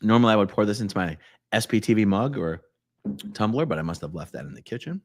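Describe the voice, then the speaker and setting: A man's voice: on the low side, quick pace, slight background noise. A man hosting a live stream, chatting casually and reading viewer comments aloud with jokes and mumbled asides. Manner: lively, swings between loud exclamations and mumbled asides. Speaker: livestream host.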